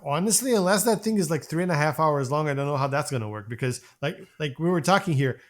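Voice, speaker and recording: A man co-hosting a film review podcast, talking casually with animated, halting restarts. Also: a little high. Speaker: podcast co-host.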